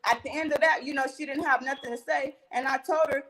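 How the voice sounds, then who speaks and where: A young woman recounts a heated confrontation in an animated, profane chat. Her voice sits high, and she delivers the quoted arguments with emphatic punch. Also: fast talker, hardly any pauses, poor audio. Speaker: reality TV cast member telling a story.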